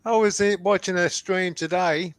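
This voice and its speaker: A man's voice: high-pitched, steady tone, normal speed, clear, resonant tone, no room sound. A man, a regular on the show, telling laid-back anecdotes in casual chat.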